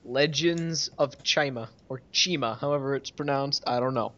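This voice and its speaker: A man's voice: medium pitch, fairly even intonation, normal speed, crowd noise. Man presenting news on a dull, lo-fi podcast. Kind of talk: casual podcast chat. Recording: dull lo-fi audio.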